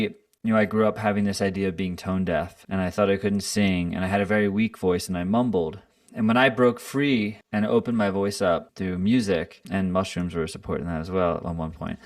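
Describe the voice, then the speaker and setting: A man talking as a podcast guest in a calm, earnest and reflective way. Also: low voice, dry recording, studio quality, recorded from a distance. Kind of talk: reflective conversational storytelling.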